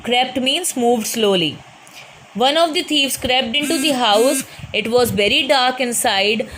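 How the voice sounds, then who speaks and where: A woman's voice: a little high, a little slow, a bit bright, a little hiss or hum, rough recording. A woman teacher with an Indian English accent reads a story lesson aloud and patiently explains each hard word. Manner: patient, repeats and explains words.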